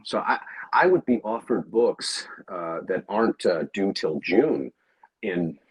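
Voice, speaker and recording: Deep husky male narrator. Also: animated, low-quality recording. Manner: halting, many fillers and restarts. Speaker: audiobook narrator. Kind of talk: casual interview answers.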